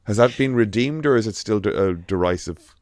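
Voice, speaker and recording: Irish male podcast co-host, low-ish register, dry close recording, rambling and profane. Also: expressive, a little fast, a little mellow, no room sound. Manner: rambling, swears casually, frequent restarts. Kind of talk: casual chat.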